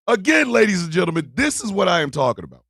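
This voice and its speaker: A man hosting a live stream, talking loud and profane and laughing often. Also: sits high, vocal fry, slightly rough, dry recording, studio quality.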